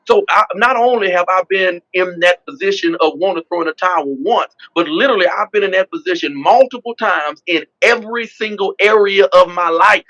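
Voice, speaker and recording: A man's voice: sits high, brisk, few pauses, sharp tone, lo-fi sound. A man, a pastor and politician telling his story in an interview with an emphatic, repetitive preacher cadence, often saying "man.". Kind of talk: testimonial storytelling.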